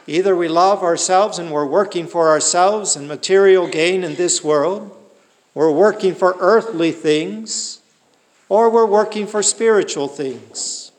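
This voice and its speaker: A man's voice: high-pitched, unhurried, big-room sound. A man preaching a sermon in an earnest way, asking the listeners rhetorical questions.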